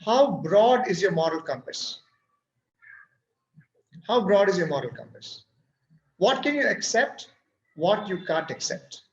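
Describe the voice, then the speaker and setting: A man's voice: high voice, very animated, measured pace, long pauses, echoey room, lo-fi sound. A male teacher telling a story from his class as a lecture and posing reflective questions to listeners. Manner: recounts events, then asks reflective questions. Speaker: teacher and workshop speaker.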